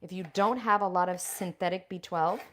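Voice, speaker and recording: Talking straight to her audience, a raw vegan vlogger swears freely and chats while cooking in her kitchen on a livestream. Her lowish, fairly bright voice is quick and fairly even in intonation, over a slight hiss or hum.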